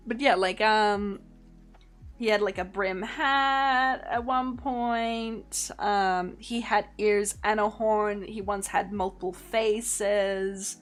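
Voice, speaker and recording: A woman's voice: mid-range voice, steady tone, takes it slowly, soft background music. A young woman streaming as a VTuber, chatting casually in a rambling way, laughing often and swearing offhandedly. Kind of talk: casual livestream chat.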